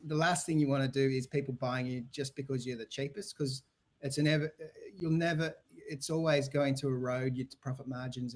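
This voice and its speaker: The speaker, an Australian guest with a website business, responds to podcast interview questions about sales and websites. His voice sits in the mid-range with a somewhat dark tone. He rambles, restarting often and leaning on fillers.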